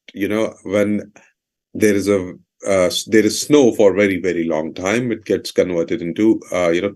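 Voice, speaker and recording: A man's voice: lowish voice, darkish tone. A man teaching vocabulary, explaining each word's meaning and repeating definitions and example sentences with fillers like "you know".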